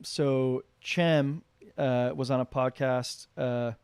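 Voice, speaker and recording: A man's voice: mid-range voice, fairly even intonation, slow, a little mellow, clean tone, no room sound. A man co-hosting a podcast, talking loosely with many fillers and restarts. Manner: rambling, filler-heavy, restarts often. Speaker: podcast co-host. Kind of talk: casual chat.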